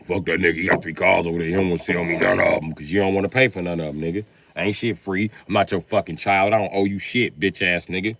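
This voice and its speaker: A male comedian telling profane comic stories in a live monologue, acting out both sides of conversations and breaking into loud shouts. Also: fairly even intonation, quick pace, hardly any pauses. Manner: jumps to loud high shouts when acting out scenes.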